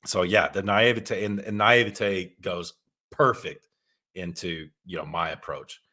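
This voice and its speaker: A man's voice: deep voice, steady tone, a little slow, sharp tone. A man with a Texas accent, co-hosting a podcast in a casual, folksy conversational style. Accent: Texan. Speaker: podcast co-host.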